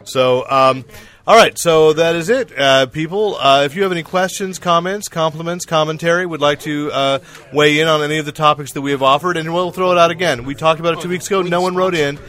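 A man with a bright, forceful, somewhat high voice hosts a casual podcast chat. He talks loosely, laughing with his co-hosts as he runs through plugs and sign-offs. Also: steady tone, fairly quick. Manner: chatty, laughing, wraps up the show. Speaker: podcast host, editor-in-chief.

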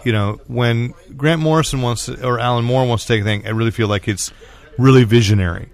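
A man's voice: mid-range voice, a little fast. A man hosting a casual comics podcast, rambling with restarts and laughing often. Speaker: podcast host. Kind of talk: casual chat.

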